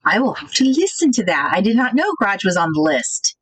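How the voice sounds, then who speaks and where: Woman, craft stream host, rambly and chatty, mid-pitched voice, dry close sound. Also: very animated, brisk, husky, no room sound, poor audio. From United States. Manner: chatty, thinks out loud, reads viewer comments. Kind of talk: casual livestream chat.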